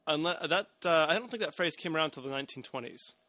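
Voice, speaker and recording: A man's voice: on the high side, quick pace, a crowd in the background. A man hosting a podcast, chatting casually about a film with many restarts and hedges. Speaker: podcast host.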